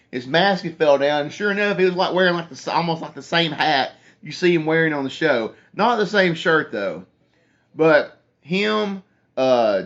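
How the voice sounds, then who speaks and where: A man's voice: a little high, fairly bright tone. A young man, hosting a casual phone livestream, telling a rambling story and reading viewer comments aloud. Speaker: livestream host. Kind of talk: casual live chat with viewers. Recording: dull lo-fi phone stream audio.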